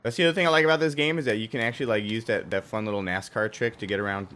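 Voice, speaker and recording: A young man with a hoarse, roughened voice that sits a little low, chatting loosely with a live audience while he plays a racing game. He rambles, swears freely and tends to jump up loud when something annoys him. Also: steady tone, rapid-fire. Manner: casual, profane, rambling, with sudden loud outbursts. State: hoarse, strained throat. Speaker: gaming streamer. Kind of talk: live stream commentary.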